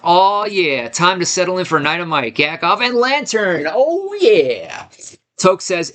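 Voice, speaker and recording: A man's voice: on the high side, pushed and bright. A man hosting a live stream from his home studio, hyped and greeting chat viewers one by one. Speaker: livestream host.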